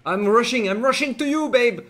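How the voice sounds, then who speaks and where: A man's voice: very high voice, fairly quick. A French man streaming a multiplayer shooter, calling out orders and laughing with teammates. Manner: excitable, calls out orders and laughs often. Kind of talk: casual gaming chat with friends.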